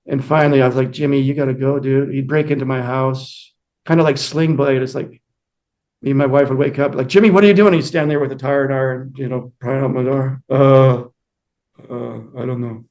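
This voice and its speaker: A man's voice: medium pitch, flat delivery, a little fast, darkish tone, muffled recording. A man, a musician guest in an interview, telling rambling anecdotes with many fillers and acted-out quotes. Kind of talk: casual storytelling interview.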